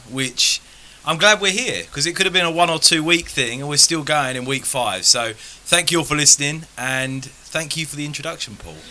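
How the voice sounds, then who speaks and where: A man's voice: a little high, pushed and bright. A man co-hosting a casual podcast, teasing and wry in his remarks. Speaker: podcast co-host.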